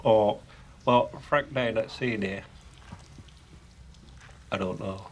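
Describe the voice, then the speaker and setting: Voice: mid-range voice, slow pace, dull audio, a little hiss or hum. A tabletop game player with a New Zealand accent chatting in character, folksy and playful.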